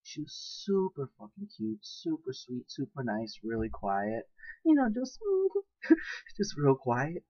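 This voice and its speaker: A young man talks straight to camera in a loose, profane vlog, laughing often. His voice is husky and close, with no room sound. The recording is dull and lo-fi. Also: mid-range voice, big pitch swings, slow pace, darkish tone, no room sound. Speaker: vlogger. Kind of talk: casual monologue to camera.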